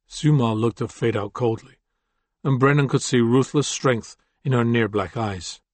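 A man narrating a novel in a measured, descriptive reading. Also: medium pitch, darkish tone, no echo. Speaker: audiobook narrator. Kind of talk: scripted narration.

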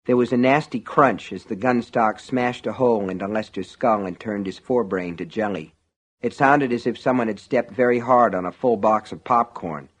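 A man reading a novel aloud as an audiobook narrator, in measured, even storytelling. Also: fairly low pitch. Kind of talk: scripted narration.

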